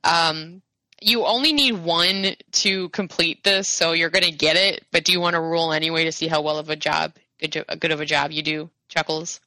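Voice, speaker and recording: A woman runs a tabletop game as its game master, her voice bright and forward. She narrates haltingly, filling gaps with "uh" and pauses. The sound is dry and close, with no room around it. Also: sits low, fairly even intonation, no room sound, rough recording. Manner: halting, many filler pauses.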